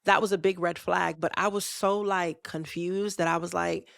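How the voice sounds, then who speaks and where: A woman's voice: fairly low pitch, fairly even intonation, moderate pace, vocal fry, fairly bright tone, dry recording, clean studio sound. A young woman podcast host casually telling a personal story, candid and chatty, speaking straight to her listeners. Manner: candid, conversational, addresses listeners directly.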